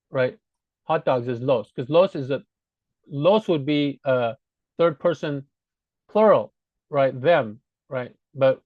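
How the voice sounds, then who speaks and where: A man's voice: fairly high pitch, no echo, highs cut off. A man teaching a grammar lesson in a casual, explanatory way, often correcting himself and checking in with "right?". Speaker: Spanish teacher. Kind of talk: screen-recorded grammar lesson.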